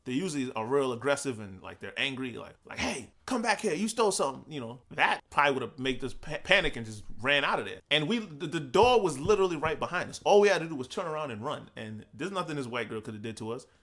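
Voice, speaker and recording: Young man from Providence, quick bright delivery, loose profane storyteller. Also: medium pitch, lively intonation. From Providence, Rhode Island. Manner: laid-back, profane, laughs through stories. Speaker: podcast host. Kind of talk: casual storytelling.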